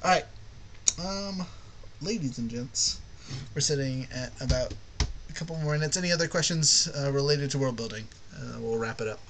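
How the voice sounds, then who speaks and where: A man's voice: mid-range voice, animated, normal speed, noisy background. A man hosting a casual podcast lesson on worldbuilding, rambling and often asking "you know what I mean". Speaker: podcast host teaching worldbuilding.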